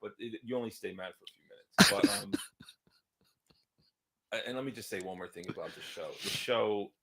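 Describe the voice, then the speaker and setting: A man with a fairly low voice talks loosely as co-host and producer of a casual chat show. He rambles from point to point and keeps stopping to clear his throat. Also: a little fast, background noise.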